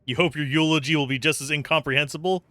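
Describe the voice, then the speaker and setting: Bright-voiced man streaming a game. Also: a little high, steady tone, quick pace, dry recording. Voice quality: chatty, wry, self-amused. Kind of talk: casual gameplay commentary.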